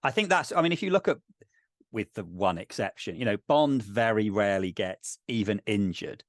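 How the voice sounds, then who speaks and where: A man's voice: lowish voice, lively intonation, normal speed, no room sound, studio quality. A man co-hosting a podcast, thinking aloud about game design in a rambling, filler-heavy way. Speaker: podcast co-host. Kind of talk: casual discussion of game design.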